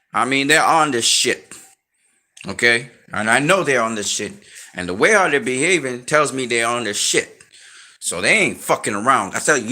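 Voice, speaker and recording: A man's voice: medium pitch, pushed and bright. A man in an unscripted rant to his viewers, blunt and heavily profane, lecturing and warning them in emphatic slangy talk that grows heated. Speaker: online commentator.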